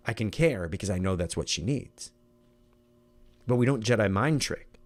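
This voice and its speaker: A man's voice: fairly low pitch, lively intonation, moderate pace, pauses often. A middle-aged man presenting an online workshop in an earnest, conversational way, often repeating words as he thinks.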